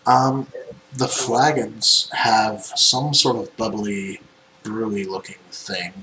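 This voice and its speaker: A man running a tabletop game as game master, describing scenes in unhurried narration with frequent ums. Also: lowish voice, steady tone, bright, forceful tone. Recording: echoey room with faint noise.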